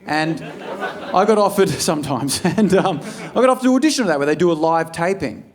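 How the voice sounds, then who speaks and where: Young Australian male stand-up, deadpan and blunt, very animated pitch. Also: normal speed. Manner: blunt, deadpan asides with sudden loud outbursts. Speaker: stand-up comedian. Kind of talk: stand-up set. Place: comedy club stage with audience.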